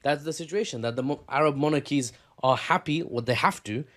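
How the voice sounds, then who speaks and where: A man's voice: fairly high pitch, fairly quick, fairly bright tone. A man giving casual news commentary, sarcastic and rambling, correcting himself often.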